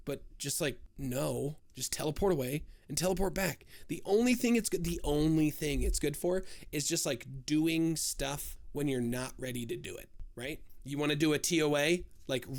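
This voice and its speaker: A man giving a casual game walkthrough, firing off step-by-step instructions with joking asides. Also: on the high side. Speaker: streamer giving a game guide.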